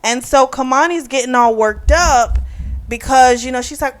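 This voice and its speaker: A woman's voice: high-pitched, lively intonation, moderate pace. A woman hosting a book club channel, giving a chatty, opinionated review full of fillers.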